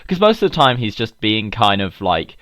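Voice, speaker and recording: A man's voice: on the low side, sing-song, moderate pace, a bit bright, clean tone, no echo. A man co-hosting a podcast in casual chat, rambling, laughing often and swearing freely. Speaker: podcast co-host.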